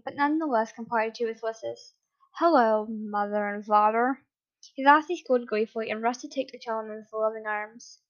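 A woman reading a story aloud at a steady pace, sometimes correcting herself. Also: a little high, muffled recording. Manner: steady with occasional self-corrections. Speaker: reader. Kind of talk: reading fan fiction aloud.

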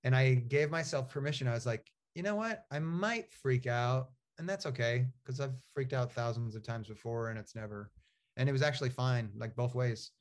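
A man's voice: mid-range voice, normal speed. Rambling storytelling man, many fillers. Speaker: author and guest. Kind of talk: casual interview conversation.

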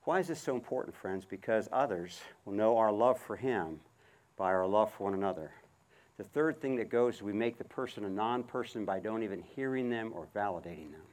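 A middle-aged man preaching a sermon while working a horse, calling out commands and then speaking softly and reflectively. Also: lowish voice, lively intonation, brisk. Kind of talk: outdoor sermon with horse demonstration.

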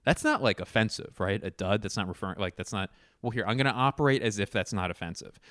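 A man's voice: on the low side, animated, fast, a bit bright, dry recording, clean studio sound. A man hosting a solo comedy podcast, rambling and swearing as he wanders around his home. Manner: rambling, profane, self-mocking. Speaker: podcast host. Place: indoors at home, walking around.

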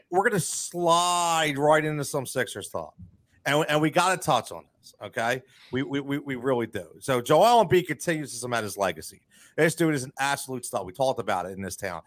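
A man's voice: on the high side, no echo. A man hosting a sports podcast, ranting with heat and repeating himself as he gets going. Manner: fired-up, ranting, repeats words. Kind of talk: casual sports talk with ad reads.

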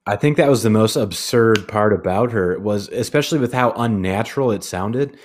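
This young podcast host talks in a loose, rambling way, circling back and restarting his sentences. His voice sits fairly low, and the tone is relaxed, everyday chat. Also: moderate pace. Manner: rambling, with many restarts and fillers. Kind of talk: casual chat.

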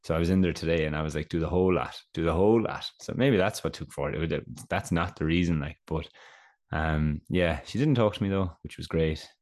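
A man's voice: very deep voice, a little fast, a little mellow. A young man co-hosting a podcast in casual chat, sounding stuffed up, telling stories and laughing often. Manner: chatty storyteller, laughs often. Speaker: podcast co-host.

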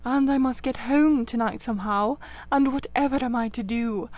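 Picture a sobbing, pleading toad in a washerwoman's disguise, as a woman puts him on, his whimpering timbre set apart from the reader's usual sound. The voice is pitched fairly high. He whines through every line of a storybook scene. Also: moderate pace, darkish tone, natural voice. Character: conceited male toad posing as a weepy washerwoman.

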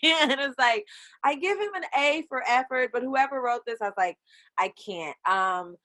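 A young woman talking casually about a TV episode, acting out her own reactions in lively quotes. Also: sits high, moderate pace. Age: young adult. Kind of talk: casual TV recap chat.

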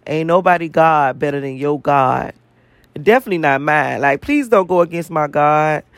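Man, high-pitched, profane repetitive rant, dry close sound. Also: normal speed, no echo. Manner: profane, emphatic, repeats phrases for emphasis. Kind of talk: casual spiritual rant to camera.

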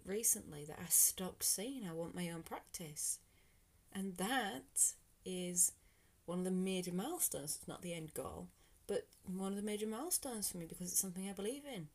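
With a medium-pitched, darkish voice at a moderate pace, this British podcast host talks through her thoughts alone. Her monologue is earnest, wandering and motivational, at times sinking to a whisper.

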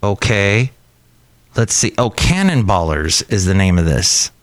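A man hosting a casual solo podcast, rambling and chatty with excitable jumps in his voice. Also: fairly low pitch, measured pace, no room sound. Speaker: podcast host. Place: cafe.

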